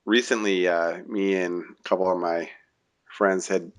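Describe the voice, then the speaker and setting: A young man co-hosting a gaming podcast, talking in a laid-back, halting way with lots of "uh"s and chuckles. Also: sits low, steady tone, clean tone. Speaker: podcast co-host. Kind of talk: casual chat.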